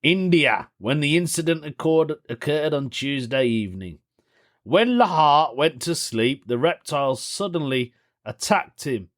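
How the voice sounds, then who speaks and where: A man's voice: fairly high pitch, animated, unhurried. A man hosting a solo podcast, chatting casually, reading a news story aloud and reacting with amused disbelief. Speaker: podcast host.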